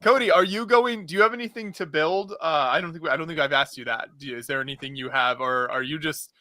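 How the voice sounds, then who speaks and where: A man hosts a charity livestream in a bright, fairly high voice. He chats upbeat and reads out donors and incentives. The sound is dry and close. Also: fast talker, no echo. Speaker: livestream host. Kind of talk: casual livestream chat.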